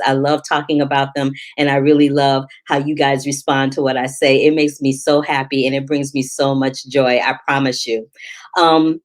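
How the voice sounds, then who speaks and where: A middle-aged woman hosting a movie review show, chatty and animated, with quick asides and laughter. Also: sits low. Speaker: film critic and show host. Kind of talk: casual movie review vlog.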